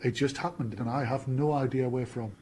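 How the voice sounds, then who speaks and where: A man's voice: medium pitch, fairly even intonation, a little fast, darkish tone, a little hiss or hum. A man who works as a senior sound supervisor, casually recounting an incident in an interview. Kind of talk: interview anecdote.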